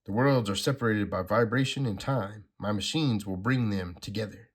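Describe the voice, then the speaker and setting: A man reading a comic aloud, voicing an ancient, dying cosmic guardian in a measured, grave way. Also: on the low side, slightly rough. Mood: solemn.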